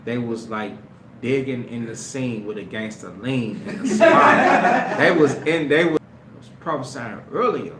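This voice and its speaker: A man preaching a sermon through a story, often laughing and breaking into shouts. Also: medium pitch, very animated, unhurried. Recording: echoey room with loud background noise.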